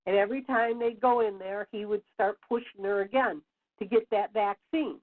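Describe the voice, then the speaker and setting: A woman's voice: mid-range voice, moderate pace. Woman ranting over a tinny phone line. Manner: emphatic, rambling with many fillers and restarts. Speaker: radio show host. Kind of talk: solo rant on internet radio.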